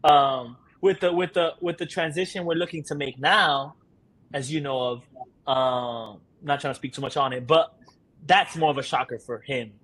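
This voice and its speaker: A man's voice: fairly high pitch, moderate pace, a bit bright. A man speaking as a guest, a father talking candidly and laughing through his stories in casual conversation.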